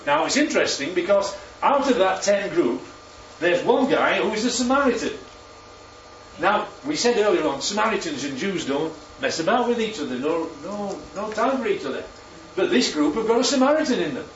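A man's voice: high voice, sing-song, moderate pace, slight background noise. Man preaching in a roomy church hall. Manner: interactive, asks the congregation questions. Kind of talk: sermon. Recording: roomy, distant, muffled hall recording.

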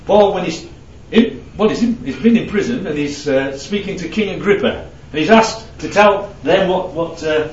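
A man preaching in a relaxed, chatty way, checking in with his listeners and telling little stories. His voice sits a bit high and carries through a roomy hall. The recording is distant and dull, with faint ambience behind it. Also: normal speed, hardly any pauses, a little hiss or hum. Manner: conversational, asks the audience questions and tells anecdotes. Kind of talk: sermon.

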